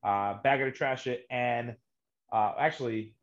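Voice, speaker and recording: A man's voice: mid-range voice, a little slow, highs cut off, slight background noise. A man hosting a casual sports podcast, rambling and filling gaps with "uh". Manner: rambling, many fillers. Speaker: podcast host.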